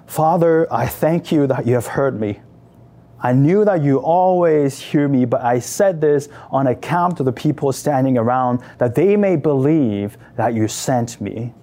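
Calm, solemn, commanding male teacher, read by a man, mellow warmth. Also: medium pitch, unhurried, natural voice.

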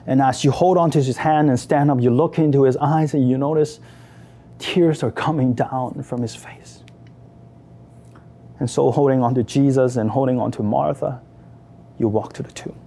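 A man's voice: medium pitch, fairly even intonation, moderate pace, dark tone. A man leading a guided imaginative meditation, telling the story emotively in the second person. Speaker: prayer leader.

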